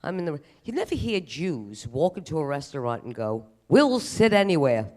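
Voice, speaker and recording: Animated man doing stand-up. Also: fairly high pitch, brisk, slight background noise. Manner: animated, self-deprecating delivery. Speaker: stand-up comedian. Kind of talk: stand-up comedy routine. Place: live comedy stage at a museum event.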